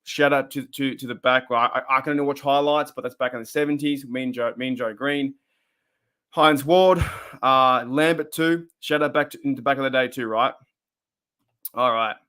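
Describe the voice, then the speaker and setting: Pitched in the middle range and delivered at a moderate pace, his voice sounds pushed and bright. He's an Australian fan show host on a casual livestream, rambling chattily and reading viewer comments as they come in.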